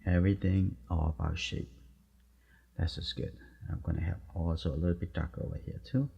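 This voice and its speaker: Deep husky guy talking thru a watercolor demo, short soft encouraging bits, kinda muffled recording. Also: fairly even intonation, fast talker. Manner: soft-spoken, encouraging, talks while painting in short phrases. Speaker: watercolor teacher. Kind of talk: live painting demonstration.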